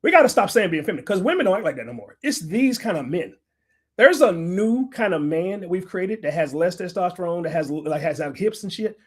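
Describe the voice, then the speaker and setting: A man's voice: sits high, very animated, fairly quick, husky. A middle-aged man hosting a livestream, lecturing and arguing with viewers in a combative, profane rant. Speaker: livestream host. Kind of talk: ranting livestream commentary.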